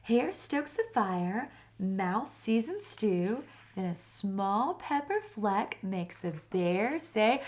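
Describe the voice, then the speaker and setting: A woman volunteer reading a children's picture book aloud, slowing down for the repeated refrain. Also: medium pitch. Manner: expressive storytelling, slows on the refrain. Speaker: volunteer reader.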